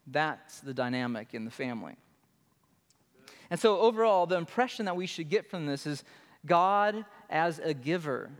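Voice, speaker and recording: A man's voice: on the high side, lively intonation, normal speed. Man preaching in a reverberant hall. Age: adult with children. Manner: earnest, emphatic preaching with repeated phrases. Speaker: pastor. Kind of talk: sermon.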